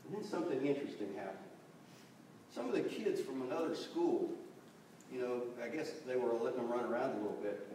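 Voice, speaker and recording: A man's voice: mid-range voice, lively intonation, a little fast, warm tone. A man preaching a sermon in a church, telling stories animatedly and acting out the voices of the people in them. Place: church sanctuary. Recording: distant, very echoey church recording with faint noise.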